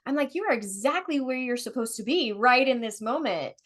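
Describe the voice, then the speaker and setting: A woman's voice: a little high, expressive, a little fast. A woman hosting a casual conversation, speaking loosely with many fillers and restarts. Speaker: host.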